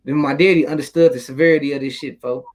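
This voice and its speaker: A man's voice: fairly high pitch, steady tone, fast, poor audio. A young man casually telling a street story in loose, rambling slang, swearing freely.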